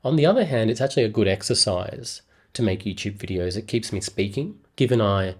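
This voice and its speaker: Lowish-voiced guy rambling on his vlog, self-deprecating, thinking out loud. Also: lively intonation, a little fast, breathy edge. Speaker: YouTuber. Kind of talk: casual vlog monologue.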